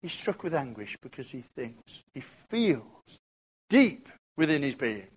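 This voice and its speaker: A man preaching a sermon with expressive, emphatic delivery and repeated rhetorical questions. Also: mid-range voice, takes it slowly, slightly rough.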